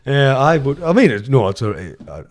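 A man's voice: medium pitch, very animated, moderate pace, a crowd in the background. A man co-hosting a podcast, chatting casually, rambling, swearing and laughing often. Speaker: podcast co-host. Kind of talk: casual chat.

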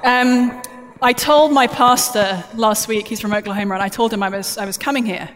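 A woman's voice: a little high, moderate pace. Chatty woman speaker in a reverberant hall. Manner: chatty, jokey and self-deprecating. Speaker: conference speaker. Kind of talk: plenary talk. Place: large conference hall. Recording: roomy hall reverb from a stage mic.

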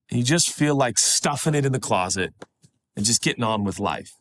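A middle-aged pastor preaches a sermon in a conversational way, fairly quick, swinging between animated high stretches and hushed, low pleading.

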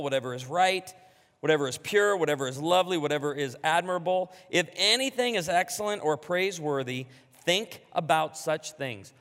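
A man preaching a sermon to a congregation, animated and emphatic, joking along the way. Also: a little high, long reverb tail. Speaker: pastor.

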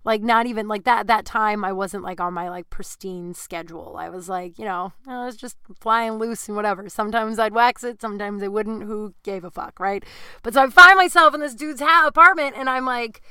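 Frank, rambling podcast host, bright crisp voice. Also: female voice, medium pitch, a little fast, no room sound. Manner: crude, self-mocking humor. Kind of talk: candid storytelling chat.

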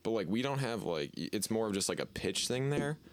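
A man's voice: on the low side, sing-song, fairly quick, no room sound. A young man with a Northeastern US accent, co-hosting a podcast in laid-back chat and swearing freely. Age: young adult. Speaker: podcast co-host. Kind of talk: casual chat.

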